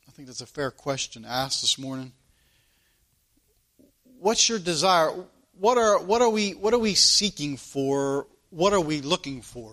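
A man's voice: a little high, animated, a little slow, sharp tone. A man preaching a sermon in an earnest, questioning way, often repeating his phrases.

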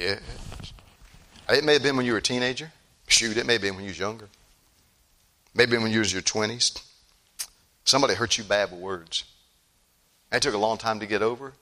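A male pastor preaching a sermon emphatically, repeating phrases and swinging from loud outbursts to hushed tones. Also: lowish voice.

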